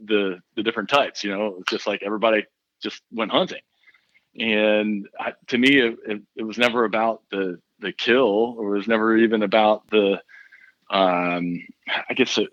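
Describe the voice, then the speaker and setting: A man from southeastern Pennsylvania, a guest in a casual interview, talking in a relaxed way full of "you know" fillers. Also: fairly low pitch, no echo, lo-fi sound.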